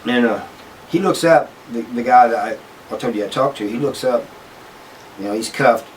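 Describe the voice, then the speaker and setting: A man's voice: medium pitch, moderate pace, distant mic, a little hiss or hum, poor audio. A man hosting his own channel, casually telling a story with many restarts and asides. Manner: rambling, with frequent restarts and "you know" asides. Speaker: channel host telling prison stories.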